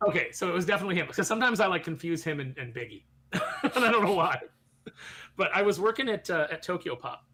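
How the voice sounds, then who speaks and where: Animated male podcast co-host, bright and lively, spins a story with put-on voices. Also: fairly high pitch. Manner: animated anecdote teller, puts on voices. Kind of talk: casual chat, storytelling.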